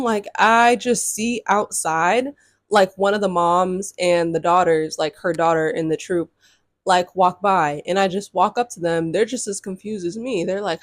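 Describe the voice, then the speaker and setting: A woman's voice: fairly low pitch, steady tone, unhurried, dry recording, clean studio sound. A young adult woman telling a casual storytime vlog, chatty and loose, filling her talk with like and often calling the audience y'all. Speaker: YouTube storyteller.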